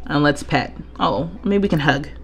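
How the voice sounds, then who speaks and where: A woman's voice: low voice, normal speed, faint music behind. A young woman streaming a life-simulation game live, chatting and thinking aloud as she plays. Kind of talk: live gameplay commentary.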